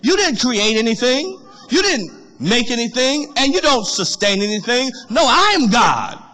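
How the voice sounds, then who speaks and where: God, stern and booming as a preacher voices him. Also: male voice, sing-song, brisk, a bit bright, slightly rough, big-room sound, full character voice. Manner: booming rhetorical questions. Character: God, commanding and stern, rebuking proud man.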